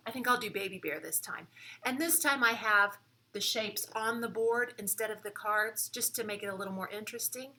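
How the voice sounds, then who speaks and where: A woman teaching preschoolers in a classroom, speaking clearly and instructively, one step at a time. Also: medium pitch, a little fast, background noise. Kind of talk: children's lesson.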